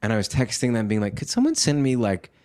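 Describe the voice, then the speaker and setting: A man in his thirties, a guest in a casual interview, telling stories in an animated way, acting out quotes and laughing often. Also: medium pitch, fast talker. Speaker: guest actor.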